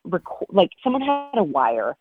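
A woman's voice: fairly low pitch, sing-song, measured pace, music in the background. A woman co-hosting a podcast, telling a story in casual, chatty talk full of "like" and "um". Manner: chatty, lots of "like" and "um". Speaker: podcast co-host. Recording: tinny phone line.

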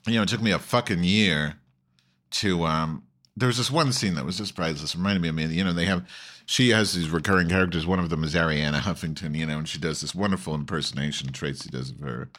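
A male host talks loosely to his online audience, swearing freely and veering between topics. His voice sits very low, and he restarts his sentences often in a campy, offhand manner. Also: fast, a bit bright. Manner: profane, campy, rambling with many restarts. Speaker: host of an online call-in show. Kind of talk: casual rambling monologue.

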